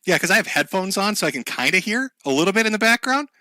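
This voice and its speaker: A man's voice: sits high, very animated, fast talker, bright, forceful tone, no echo. A man hosting a livestream, talking in a sarcastic, profane, casual way and laughing often. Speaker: livestream host.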